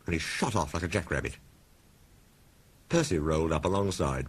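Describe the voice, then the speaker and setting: A man narrating a children's storybook in a measured, expressive reading. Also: a bass voice, slightly rough. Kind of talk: storybook read-aloud.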